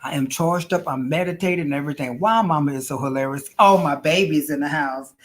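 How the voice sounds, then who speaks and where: A woman's voice: low voice, brisk, hardly any pauses. A woman hosting a casual livestream as an intuitive reader, chatty and playful, calling viewers honey and girl.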